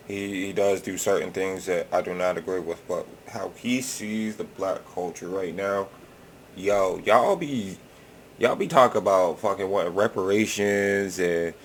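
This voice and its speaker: Deep-voiced man, reaction host, drawling, profane, loose and rambling. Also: fairly even intonation, a little slow, a little hiss or hum. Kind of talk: casual reaction commentary.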